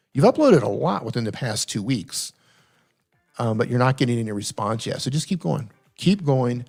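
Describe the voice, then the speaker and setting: A man's voice: medium pitch, a little mellow. A man hosting a live stream Q&A, coaching viewers on their channels, often repeating himself for emphasis. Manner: coaching, repeats himself, reads chat aloud. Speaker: host. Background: faint funk music.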